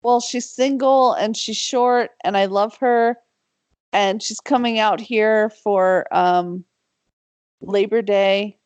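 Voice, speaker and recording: A woman's voice: medium pitch, fairly even intonation, slow, darkish tone, no echo. A woman in a casual group podcast chat, rambling with playful asides.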